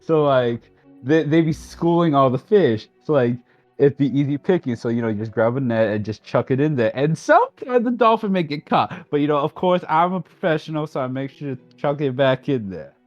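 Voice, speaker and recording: A young man playing a tabletop game, hesitant and halting in his casual slangy talk. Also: fairly high pitch, animated, muffled recording, faint music behind. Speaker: player. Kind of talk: casual role-play.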